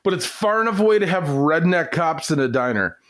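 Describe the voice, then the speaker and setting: A man with a high voice trades casual movie talk with his co-host. He swears freely and jumps in with quick, jokey asides. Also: lively intonation, fairly bright tone. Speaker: podcast co-host.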